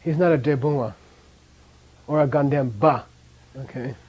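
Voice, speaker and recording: This muffled recording captures a man whose voice is a little high, speaking at normal speed while leading a language lesson. He runs drills, patiently repeating sounds for the class and letting out an occasional chuckle as he explains things.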